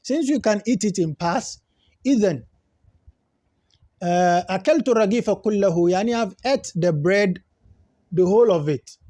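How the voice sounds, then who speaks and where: Man teaching a grammar lesson, high-pitched voice, dry sound, slow repeated examples. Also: animated, warm tone, dry recording. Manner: explains Arabic terms in English, repeats examples slowly. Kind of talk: classroom lesson.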